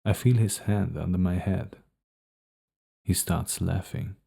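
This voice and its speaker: Low dark-voiced guy reading an audiobook, steady and measured, bit of fry. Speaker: audiobook narrator. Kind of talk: first-person novel narration.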